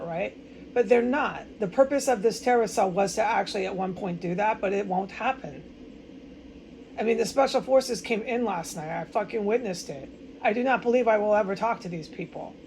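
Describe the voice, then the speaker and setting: A woman's voice: mid-range voice, normal speed, vocal fry, darkish tone, a little hiss or hum, rough recording. An American woman in a distraught, rambling personal monologue, stumbling over words and swearing often. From United States. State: upset and distraught. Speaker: vlogger.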